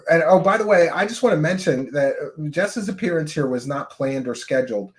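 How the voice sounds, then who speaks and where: A man hosting a podcast in casual chat, animated, often jumping into loud quoted voices. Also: fairly high pitch, a little fast. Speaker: podcast host.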